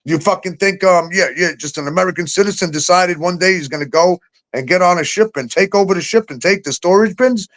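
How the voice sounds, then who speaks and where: A man's voice: sits high, brisk, a bit bright, low-quality recording. A man hosting a casual talk show, ranting heatedly and swearing a lot. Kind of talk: casual profane chat.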